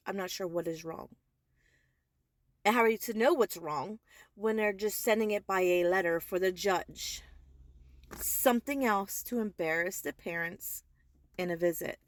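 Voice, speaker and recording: A woman's voice: mid-range voice, unhurried, pauses often, dry recording, clean studio sound. A young adult woman in a heated, profane social media rant, speaking emphatically and swearing often. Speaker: vlogger.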